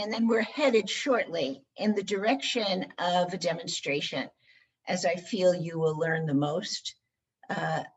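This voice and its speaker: Slow, breathy woman guiding a group. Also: on the low side, poor audio. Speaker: workshop facilitator. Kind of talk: leading an online group session.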